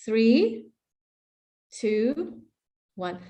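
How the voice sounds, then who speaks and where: A woman's voice: on the high side, big pitch swings, very slow, mellow. A woman presenting in an online webinar, playful and coaxing, leading the audience through breathing and laughter exercises over a video call.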